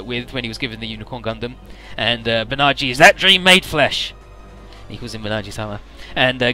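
A man's voice: mid-range voice, sharp tone. A man casually recapping a video game story, loose and irreverent, with lots of filler words and swearing.

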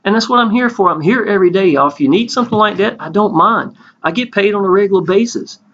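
A man talks to his viewers in a casual, earnest sales pitch and keeps calling out to them. His voice sits a little high for a man. The recording sounds dull and lo-fi. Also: quick pace, fairly bright tone. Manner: earnest and folksy, calls out to viewers again and again. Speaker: network marketing promoter. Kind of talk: casual sales pitch over a screen tour.

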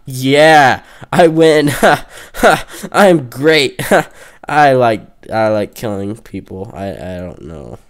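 Joking around over a game, this young man trash-talks his opponents and bursts into off-key song. He speaks slowly in a lowish voice with lively intonation.

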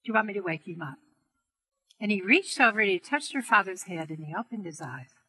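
A middle-aged woman teaching on healing prayer, telling a story gently and earnestly to an audience. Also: mid-range voice, animated, fairly quick, husky, rough recording. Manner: gentle, earnest storytelling with soft quoted voices. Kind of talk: storytelling talk to a seminar audience.

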